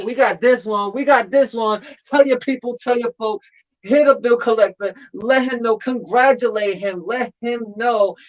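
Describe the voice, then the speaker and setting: A man in casual commentary on a battle rap tournament, talking in an animated way and repeating phrases for emphasis. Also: sits high. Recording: slightly dull lo-fi audio.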